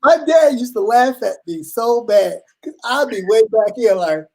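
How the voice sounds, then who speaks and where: A man co-hosting a casual chat, telling animated stories and acting out his family's voices, swearing freely. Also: high voice, moderate pace, gravelly, slight background noise, poor audio. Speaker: co-host.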